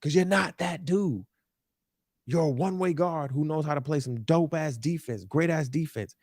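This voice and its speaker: A man's voice: on the high side, moderate pace, darkish tone, no echo, clean studio sound. A young man hosting a sports talk show, ranting in an emphatic, repetitive, exasperated way. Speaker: podcast host. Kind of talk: animated sports talk rant. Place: New York.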